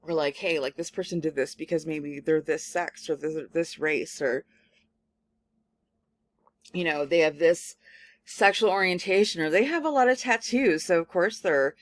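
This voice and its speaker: A woman professor giving a lecture, telling a personal story in a casual, animated way with many filler words. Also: sits low, moderate pace, dry recording. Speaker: communication studies professor. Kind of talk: recorded lecture with personal anecdote.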